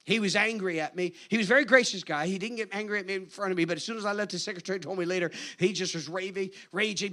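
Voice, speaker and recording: A man preaching a sermon in an animated, conversational storytelling manner. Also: high-pitched, rapid-fire, hardly any pauses. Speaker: guest preacher.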